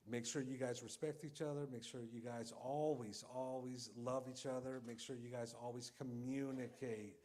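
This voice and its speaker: A man's voice: medium pitch, steady tone, moderate pace, hardly any pauses, a little mellow. A man giving a heartfelt wedding toast at a reception, repeating earnest advice to the couple and often adding "okay?". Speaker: wedding guest giving a speech.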